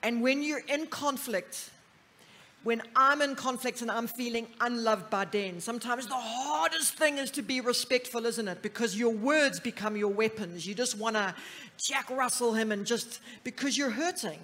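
High-voiced woman preaching conversationally. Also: normal speed. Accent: South African. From South Africa. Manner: warm conversational preaching with anecdotes and asides. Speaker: pastor's wife and counselor. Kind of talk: sermon.

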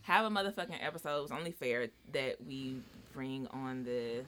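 A woman's voice: rumbling low, expressive, normal speed, a little hiss or hum. Brash, profane woman podcast host. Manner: brash and profane, loud bursts. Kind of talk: casual chat.

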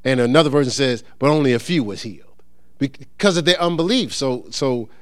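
A middle-aged man preaching an informal sermon, reading scripture and talking it through in a loose, conversational, animated way. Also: medium pitch, fairly quick, dry recording, clean studio sound. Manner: conversational, animated, with many restarts and sports anecdotes.

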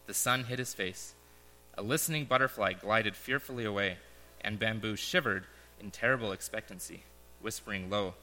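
A man's voice: lowish voice, normal speed, pushed and bright. A young man preaching a sermon in a church, chatting and joking casually before reading a story aloud. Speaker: pastor. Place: church hall. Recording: echoey large hall.

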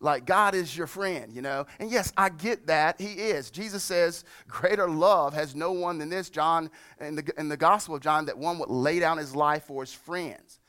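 A middle-aged pastor preaching with a high, lifted voice for a man. He leans hard into scripture, slowing down and pushing up in pitch, then sinks low and quiet when he turns reflective. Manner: emphatic preaching, slows and rises on scripture, drops soft on reflection. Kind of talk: sermon.

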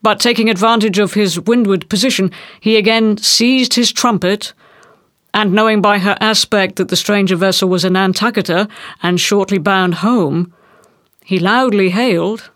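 A woman reading a classic novel aloud in a measured, deliberate way. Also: medium pitch, steady tone, a bit bright, no room sound, studio quality. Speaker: audiobook reader. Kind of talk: literary reading.

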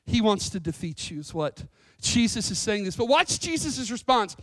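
A woman pastor preaching a sermon, earnest and emphatic, slowing down to stress lines of scripture. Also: mid-range voice, sing-song, no echo, clean studio sound. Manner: earnest, emphatic, with scripture readings and dramatic slowdowns.

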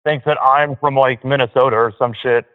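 A man with a Southern accent calling into a show, talking in an easygoing, relaxed way. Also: medium pitch, brisk. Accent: Southern American. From rural American South. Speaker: caller. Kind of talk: casual phone chat. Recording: tinny phone line.

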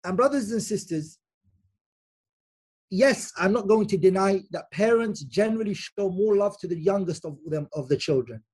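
Delivering a Quran commentary lecture, this Islamic teacher has a high, husky, slightly rough and somewhat mellow voice with lively intonation. He patiently explains, repeats key points and phrases for emphasis, and frequently checks in with "okay?" so his listeners keep up.

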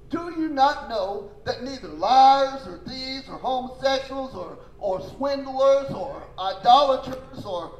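A man's voice: very high voice, expressive, measured pace, reverberant, rough recording. A man preaching a sermon as pastor, emphatic and folksy, calling out to his congregation for responses. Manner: folksy, informal phrasing.

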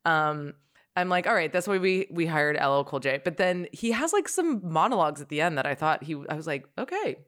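Low-voiced woman in casual podcast chat. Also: animated, brisk, fairly bright tone. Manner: enthusiastic, laughs often, swears casually. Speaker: guest.

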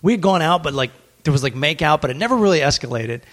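A man's voice: fairly high pitch, lively intonation, fast, fairly bright tone. A man hosting a podcast and telling a long story in a loose, rambling way. He is a stand-up comedian, laughs often, and fills his talk with "like". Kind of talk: casual storytelling chat.

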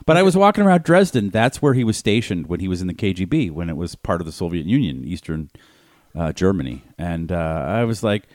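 Man, podcast co-host, jokey, swears freely, animated voice, dry sound. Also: sits low, brisk, no echo. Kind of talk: casual comedy podcast chat.

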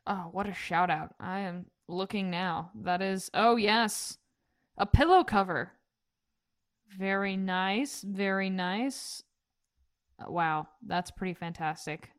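A woman hosting a casual podcast, upbeat and quick to laugh. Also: lowish voice, a bit bright. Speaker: podcast host.

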